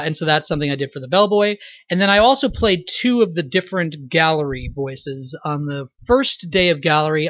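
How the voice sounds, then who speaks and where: Young man, rambling unscripted commentary, slightly high voice, dull dry sound. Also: dry recording. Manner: rambling, many fillers and restarts. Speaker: director giving a fan dub commentary.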